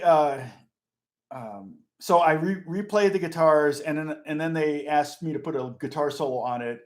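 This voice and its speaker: A middle-aged man, a session guitarist, chatting casually and rambling through stories with lots of fillers and restarts. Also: on the high side. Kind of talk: casual chat.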